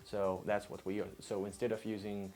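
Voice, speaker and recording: Low-voiced Russian man teaching vocabulary. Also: moderate pace, faint music behind. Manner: patient, repeats each word several times, relaxed. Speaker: language teacher. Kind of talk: casual vocabulary lesson.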